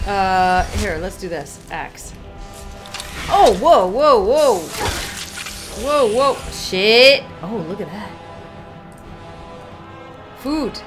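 A woman streaming a video game, playful and exclamatory, laughing and reacting as she plays. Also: medium pitch. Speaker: gaming streamer. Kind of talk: live game commentary.

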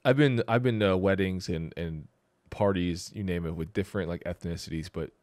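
Low-voiced man telling stories, dry sound. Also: brisk, darkish tone, dry recording. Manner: storytelling, laughs often, trails off mid-sentence. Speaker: podcast co-host. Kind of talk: casual chat.

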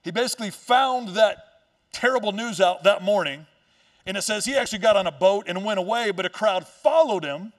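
A male pastor with a high voice preaching in a loose, joking storyteller manner. He turns the story over with quick asides and playful lines. His voice sounds a little away from the mic. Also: lively intonation, far from the mic. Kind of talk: sermon. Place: church stage.

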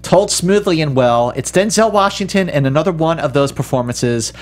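A man's voice: a little high, lively intonation, moderate pace. A man co-hosting a film podcast in casual chat, playful and emphatic, stretching out his stressed words.

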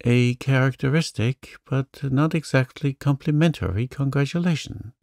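A man's voice: medium pitch, moderate pace, vocal fry, a little mellow, dry recording, clean studio sound, voice pushed up, natural voice. A man voicing a mischievous, charming young man in a storybook reading, playful and coaxing.

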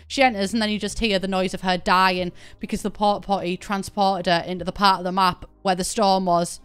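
A woman's voice: mid-range voice, quick pace, few pauses, clean tone. A young British woman in casual live-stream chat while she plays, rambling, laughing often and swearing offhand. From Britain. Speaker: game streamer.

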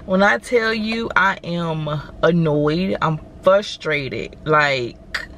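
A woman's voice: on the low side, extremely slow, fairly bright tone, slight background noise. A woman, vlogging and chatting animatedly to viewers from her car. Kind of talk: casual chat to camera.

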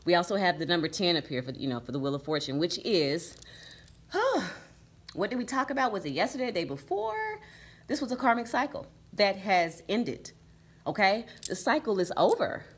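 A woman's voice: medium pitch, slightly rough. A woman reading tarot cards for her viewers, emphatic and repeating "okay?" and "right?" as she goes. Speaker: tarot reader.

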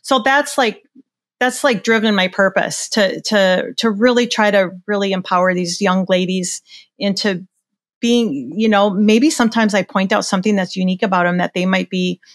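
A woman's voice: medium pitch, steady tone, normal speed, no echo. An older woman, a portrait photographer, talking in a casual interview with enthusiasm and many restarts. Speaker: senior portrait photographer, guest.

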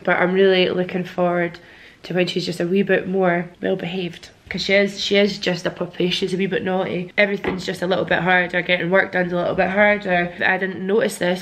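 A young Scottish woman talks casually to her camera while under the weather. Her voice sits low for a woman, and she sounds candid and a little worn out. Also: little pitch movement, a little fast. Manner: chatty, candid and a little weary. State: sick and congested. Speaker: vlogger. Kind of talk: casual vlog chat.

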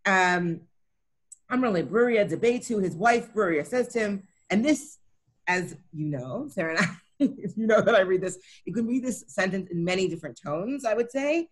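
A woman's voice: medium pitch, lively intonation, normal speed. A woman teaching a Talmud study session, explaining each line and often checking in with her listeners. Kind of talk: co-taught text study session.

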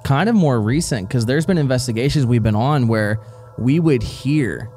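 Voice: mid-range voice, lively intonation, moderate pace, mellow, breathy edge, faint music behind. A co-host of a live paranormal show, chatting casually, playful and often laughing.

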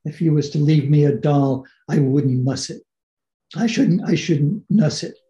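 A man's voice: medium pitch, level tone, normal speed, vocal fry, warm tone, natural voice. A man reading aloud as an angry, drunken working-class brickmaker, defiant and vehement in coarse speech. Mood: resentful. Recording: dull, echoey video-call audio.

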